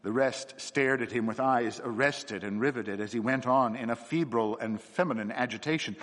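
A man narrating a classic story for adults in an expressive, dramatic way, in a reverberant space. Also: mid-range voice, normal speed, few pauses. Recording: long reverb.

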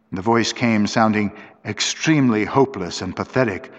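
A man narrating a story aloud in a steady, measured way, recorded with long reverb. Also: on the low side.

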